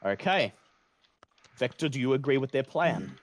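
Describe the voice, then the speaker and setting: A man running a tabletop game as game master, narrating slowly and deliberately. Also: mid-range voice, lively intonation, a little hiss or hum.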